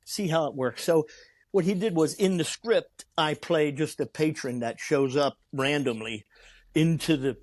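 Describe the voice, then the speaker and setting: Animated man telling a story, dry close sound. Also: a little high, a little slow, no room sound. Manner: animated storyteller who acts out the quoted lines, with frequent restarts. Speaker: guest. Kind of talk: storytelling in a conversation.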